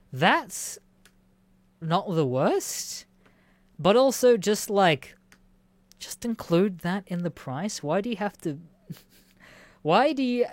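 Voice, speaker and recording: Aussie voice reading weird news and cracking up, swears a lot, mid pitch, dry close sound. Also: no room sound. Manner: swears freely, laughs often, incredulous asides. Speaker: streamer reacting to news stories. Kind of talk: casual reaction commentary.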